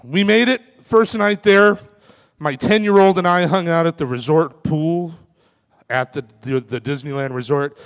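Stand-up comic, man in his forties, raised pitch, deadpan self-mocking jokes, reverberant club room. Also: unhurried, clear, resonant tone. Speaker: stand-up comedian. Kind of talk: stand-up comedy set. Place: comedy club stage.

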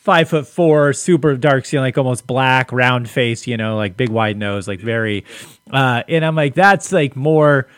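A man's voice: medium pitch, moderate pace, clean tone, no room sound, studio quality. A man hosting a podcast in casual chat, laid-back, laughing often and leaning on "like" fillers. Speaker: podcast host.

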